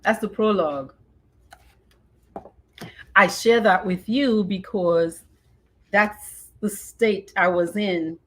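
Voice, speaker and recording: A woman in her fifties, a podcast host, reads a personal memoir in an expressive way and then chats casually, dropping in Creole phrases. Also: medium pitch, slow pace, pauses often.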